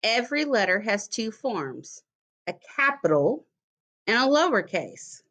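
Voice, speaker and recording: A woman teacher leads young children through a phonics lesson. Her voice sits fairly high, and she talks at an unhurried, deliberate pace. She says each example word clearly and then repeats it. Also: very animated, a bit bright. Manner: slow, careful, encouraging, repeats words clearly.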